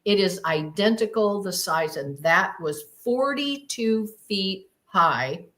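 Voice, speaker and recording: A woman at a middle pitch retells her story as an interview guest. She talks with emphasis and drama and voices her own thoughts aloud as she goes. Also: expressive, takes it slowly, fairly bright tone.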